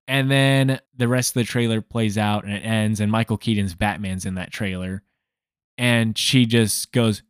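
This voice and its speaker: Male review host, mid pitch, sarcastic storyteller, dry close mic. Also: moderate pace, no echo. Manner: sardonic, exasperated asides.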